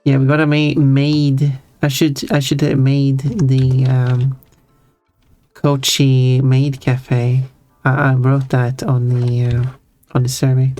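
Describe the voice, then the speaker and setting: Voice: medium pitch, monotone, slow, warm tone. A streamer chatting casually while drawing, rambling with frequent stammers and restarts while answering chat messages. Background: faint background music.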